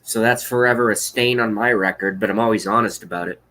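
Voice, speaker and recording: A man's voice: fairly low pitch, fairly even intonation, quick pace, bright, forceful tone. A man in his thirties ranting on a live stream, blunt, sarcastic and profane, reading out chat comments. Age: 30s. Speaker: political vlogger.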